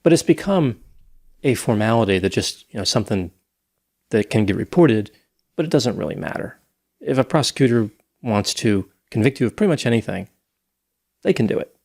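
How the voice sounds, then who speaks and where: A man's voice: fairly low pitch, expressive, a little fast, vocal fry, a little mellow. A man co-hosting a casual podcast discussion, thinking aloud and hedging with "I think" and "you know.". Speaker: podcast co-host.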